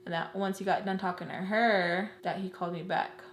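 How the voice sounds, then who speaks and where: A woman's voice: medium pitch, a little fast. A woman telling a dramatic personal story in casual, slangy chat, acting out what people said. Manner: animated, slangy storytelling that acts out quoted dialogue; talks while doing her makeup. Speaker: storytime vlogger. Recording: roomy room with faint hum.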